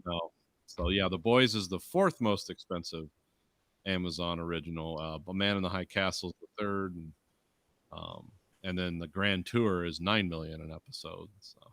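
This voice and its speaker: A deep-voiced man co-hosting a podcast, listing figures and facts casually with plenty of "uh" and "um." His voice sounds dry and close, with no room around it. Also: normal speed, fairly bright tone, no echo. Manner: reels off facts with hesitant fillers. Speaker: podcast co-host. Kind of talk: casual chat.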